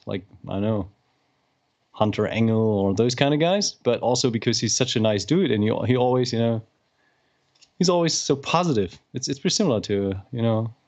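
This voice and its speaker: A man's voice: mid-range voice, a little mellow. A man co-hosting a podcast in casual chat, easygoing and agreeable, speaking into a studio podcast mic. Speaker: podcast co-host.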